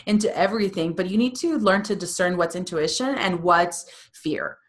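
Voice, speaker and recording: Woman coach on a podcast, lively, keeps doing little voices for ppl she quotes. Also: on the low side, moderate pace. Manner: energetic, acts out quoted voices. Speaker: guest coach. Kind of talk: podcast interview.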